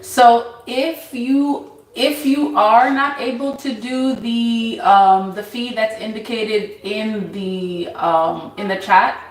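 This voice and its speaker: A woman hosting a casual tarot livestream, reading viewers' names from the chat and answering them in an unhurried way. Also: fairly high pitch, steady tone, roomy sound, distant mic, low-quality recording. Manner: unhurried, reads chat names aloud, laughs easily.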